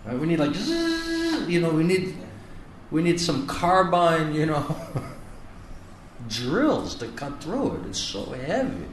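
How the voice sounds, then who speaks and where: A man's voice: fairly high pitch, very animated, a little hiss or hum. Man preaching in an echoey hall. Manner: earnest, drawn-out emphasis on repeated words. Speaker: monk giving a spiritual class. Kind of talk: sermon. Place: lecture hall in India. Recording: echoey room from far off, faint ambience.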